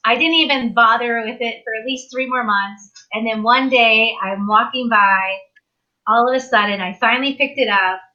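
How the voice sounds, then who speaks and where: Woman guest, animated storyteller, bright edge to the voice, muffled lo-fi sound. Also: a little high, normal speed. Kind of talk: storytelling on a live talk show.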